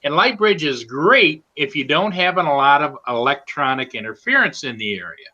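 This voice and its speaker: On the high side and at a moderate pace, a man chats about flying drones through a muffled recording. As a co-host in a casual group conversation, he tells stories and animatedly acts out others' words.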